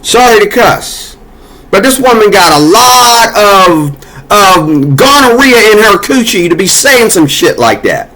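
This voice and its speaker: A man with a notably high-pitched voice launches into an angry political rant. He scolds and curses freely, his tone heated and confrontational throughout. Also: sing-song, unhurried, bright, forceful tone. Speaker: political commentator. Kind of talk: angry monologue.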